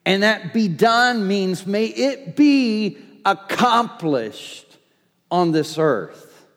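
High-pitched preacher man, slow deliberate delivery, emphatic repeats, big echoey hall sound. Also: expressive, fairly bright tone. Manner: emphatic, repeating declarations, rising in force. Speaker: pastor. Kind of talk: sermon.

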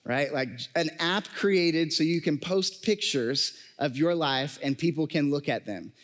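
Male preacher, slightly high voice, conversational sermon style, jokey asides to the congregation. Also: a little slow, fairly bright tone, in a large hall. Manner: conversational, joking asides, frequent fillers.

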